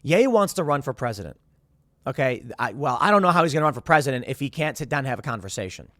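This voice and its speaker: A man in his thirties hosts a show, casually commenting to camera as he recounts a guest's exit, rambling and restarting and quoting others in animated asides. His voice is mid-range and quick. The recording is clean studio sound with no echo.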